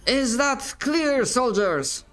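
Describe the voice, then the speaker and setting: A man voicing a gruff, muscular male drill colonel who barks orders at his new recruits. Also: very high voice, very animated, slow, fairly bright tone, soft background music, voice pushed up, full character voice. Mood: commanding. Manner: barking, domineering.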